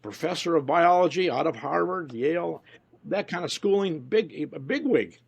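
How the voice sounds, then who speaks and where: Gravelly-voiced man telling stories. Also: on the high side. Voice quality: gravelly, husky. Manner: storytelling, quoting others in voices. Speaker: interview guest, researcher. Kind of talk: casual conversational interview.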